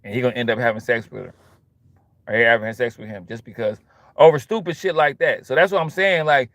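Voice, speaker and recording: A young man talking casually in an animated, repetitive way, full of street slang. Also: medium pitch, fast talker, no echo. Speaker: host. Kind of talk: casual monologue.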